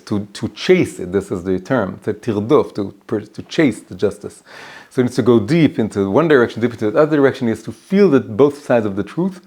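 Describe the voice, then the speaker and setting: A man of middle pitch teaching a class as a rabbi, animated and quick to restart his thoughts. He tells stories and explains ideas in a casual lesson in a private home. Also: slightly rough. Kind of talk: storytelling lesson.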